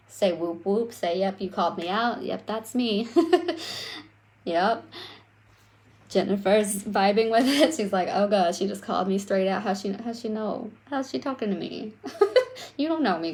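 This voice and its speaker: Young woman coaching live, chatty and animated, talks right to the viewers, mid pitch. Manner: animated, conversational, addresses viewers directly. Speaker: self-worth coach. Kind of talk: live-streamed coaching talk.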